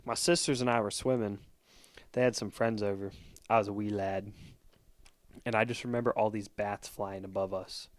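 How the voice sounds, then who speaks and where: A young man co-hosting a podcast, telling a comedic story in an animated, rambling way. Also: fairly low pitch, moderate pace, pauses often, dry recording. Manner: animated, rambling, lots of fillers. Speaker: podcast co-host.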